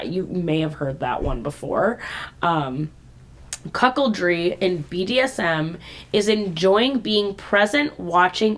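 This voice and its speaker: A woman co-hosting a casual podcast, chatting and explaining terms from her notes, often dropping into a soft, low voice. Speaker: podcast co-host.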